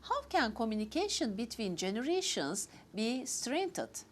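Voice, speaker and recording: A woman hosting a talk, reading prepared formal remarks in a measured, list-like way. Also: fairly high pitch, big pitch swings, slight background noise. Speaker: host.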